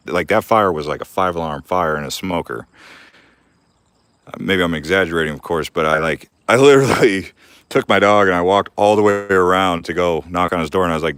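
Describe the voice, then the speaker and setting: A man's voice: low voice, fairly quick, a bit bright, no room sound. A young man hosting a casual live-stream Q&A from his backyard garden, rambling and laughing often. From Arizona.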